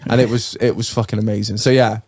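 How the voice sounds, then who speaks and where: A man co-hosting a podcast, excitable and sweary in casual banter. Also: fairly low pitch, fast talker, slight background noise. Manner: excitable, swears freely, acts out voices. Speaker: podcast co-host.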